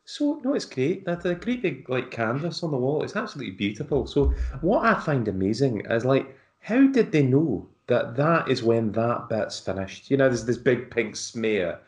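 Brief: male podcast co-host, lively swooping voice, casual and jokey. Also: mid-range voice, normal speed, few pauses, reverberant. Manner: animated, jokey. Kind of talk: casual chat about music.

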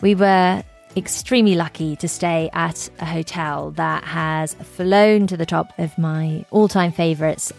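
A woman's voice: sits low, steady tone, a little slow, creaky, darkish tone, soft background music. A woman hosting a travel podcast, chatting enthusiastically about her trips with gushing asides and fillers. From England. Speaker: podcast host.

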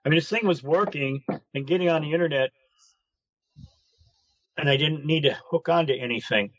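A man's voice: fairly high pitch, moderate pace, a bit bright. A man chatting casually on a live online show, rambling and speculating with lots of restarts, heard over a video call. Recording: dull lo-fi call audio.

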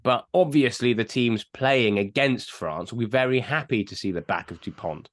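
A man co-hosting a casual sports podcast, blunt and quick to swear as he rants. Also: medium pitch. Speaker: podcast co-host.

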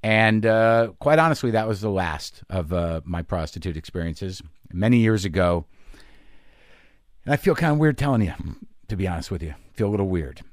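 A middle-aged man hosting a podcast, telling a candid comic story in a halting, confessional way full of fillers. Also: low-pitched, expressive, no echo, clean studio sound. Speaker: podcast host and comedian.

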